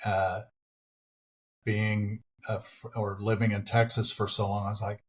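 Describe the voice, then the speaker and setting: A man's voice: fairly low pitch, flat delivery, unhurried, slight background noise. A middle-aged man, an actor and preacher, telling anecdotes with self-deprecating humor as a podcast guest. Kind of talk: casual interview.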